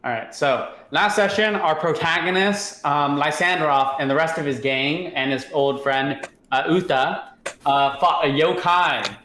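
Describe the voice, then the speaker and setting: Excitable young-sounding man, high voice, roomy echo. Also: unhurried. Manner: excitable, acts out characters with shouts. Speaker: player giving the recap. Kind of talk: rambling casual recap.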